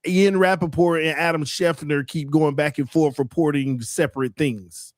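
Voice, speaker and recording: A man's voice: on the high side, fairly even intonation, normal speed, a crowd in the background. A man talking football on a casual sports roundtable, defending his team between bursts of laughter. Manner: laughing, defensive, playful teasing. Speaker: co-host, Dolphins fan.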